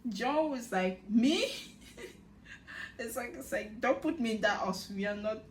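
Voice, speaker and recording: A woman's voice: fairly high pitch, normal speed, a little hiss or hum. Laughing woman recapping a show, echoey. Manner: animated, laughs often, retells scenes in quotes. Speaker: reaction video host. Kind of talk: casual recap commentary.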